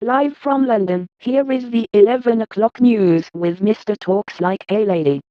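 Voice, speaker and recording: A woman voicing a calm station announcer with a smooth announcing cadence, in a parody newscast. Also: medium pitch, moderate pace, no echo, natural voice. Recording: dull, muffled sound. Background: music.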